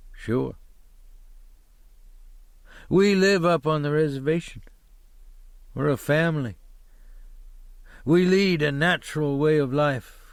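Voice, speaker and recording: A man's voice: a little high, dry recording, clean studio sound. A male audiobook narrator voicing a wild, profane hippie bus driver who rambles crudely and keeps pressing his point. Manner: crude, swearing, rambling and insistent. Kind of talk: audiobook character voice.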